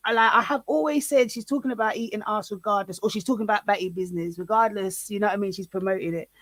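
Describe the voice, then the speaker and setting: A woman co-hosting a casual live stream, chatty and quick to clarify her point. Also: mid-range voice, a bit bright, no echo.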